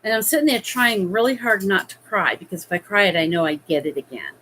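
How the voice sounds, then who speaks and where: A woman telling a personal childhood story in a hesitant, halting way, full of fillers. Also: mid-range voice, animated, pushed and bright, a little hiss or hum, rough recording. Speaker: vlogger.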